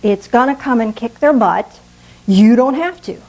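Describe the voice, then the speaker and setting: Woman pastor, sermon, unhurried delivery, fairly high voice, pausing for effect. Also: darkish tone, rough recording. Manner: slow, earnest preaching with dramatic pauses.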